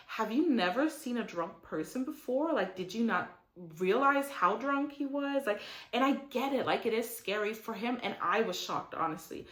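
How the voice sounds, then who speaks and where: A woman's voice: mid-range voice, fairly bright tone. Chatty opinionated young woman in an echoey room. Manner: chatty and opinionated, heavy use of "like", mocking quotes in character. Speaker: reality TV recap host. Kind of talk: casual recap commentary.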